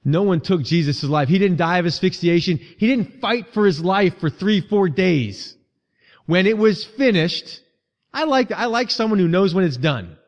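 A man preaching a sermon as pastor, speaking earnestly and conversationally, with emphasis that builds in repeated phrases. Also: sits high. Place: church sanctuary. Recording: reverberant hall, dull lo-fi sound.

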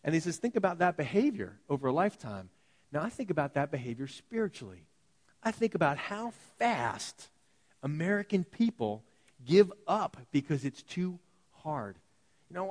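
A man preaching a sermon to his congregation, telling stories in an animated way and acting out the voices of the people in them. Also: a little high, moderate pace. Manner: animated storytelling, acts out quoted voices. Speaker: pastor. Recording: long hall reverb.

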